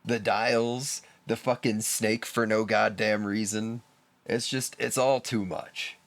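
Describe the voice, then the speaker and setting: A man's voice: fairly low pitch, little pitch movement, takes it slowly, dry recording. A man co-hosting a casual podcast, blunt and opinionated, swearing freely. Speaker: podcast co-host. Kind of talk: casual chat.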